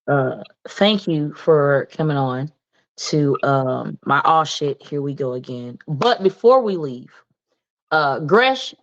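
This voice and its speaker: A woman with a lowish voice speaks very slowly and hesitantly as she hosts. The sound is dull and lo-fi. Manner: hesitant, with fillers. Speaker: podcast host. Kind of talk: casual chat.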